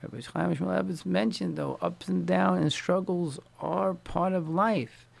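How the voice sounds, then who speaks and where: A man's voice: high-pitched, steady tone, a little slow, creaky. A man, a rabbi, delivering a storytelling sermon with speech, repeating key words and mixing in Yiddish and Hebrew terms.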